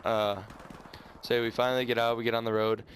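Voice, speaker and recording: A teenage boy rambles through a story while he plays a shooter, tripping over his words and restarting often. His pitch sits mid-range, and faint game gunfire pops underneath. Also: little pitch movement, a little hiss or hum. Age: teens. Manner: rambling, halting, many restarts and stutters. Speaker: gaming YouTuber. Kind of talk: casual storytelling over gameplay. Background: video game gunfire.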